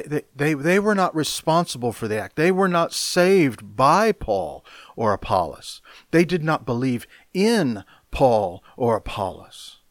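Slow, deliberate male Bible teacher. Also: mid-range voice, no echo, clean studio sound. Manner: deliberate, measured, explaining word by word with emphatic stresses. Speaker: preacher.

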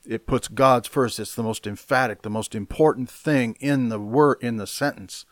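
Slow, deliberate male Bible teacher. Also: mid-range voice, dry recording, studio quality. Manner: deliberate, measured, explaining word by word with emphatic stresses. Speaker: preacher.

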